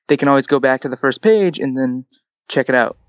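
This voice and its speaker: A man's voice: medium pitch, a little fast, no echo. A young man answering interview questions about his comic, rambling and hesitant with lots of "like". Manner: rambling, hesitant, heavy use of "like". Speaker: comic writer guest. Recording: dull lo-fi audio.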